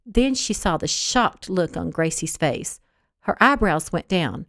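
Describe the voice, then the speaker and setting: A woman reads her own novel aloud with expressive, animated narration. Her pitch rises and falls a lot, and the recording is dry and close. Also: normal speed, dry recording. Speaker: author reading her novel. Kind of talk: audiobook narration read aloud.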